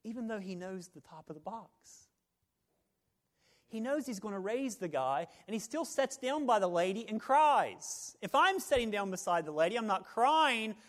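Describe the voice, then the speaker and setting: A man preaching a sermon, swinging between hushed reflection and loud, joking asides. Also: high voice, big pitch swings, normal speed, long reverb tail. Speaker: pastor.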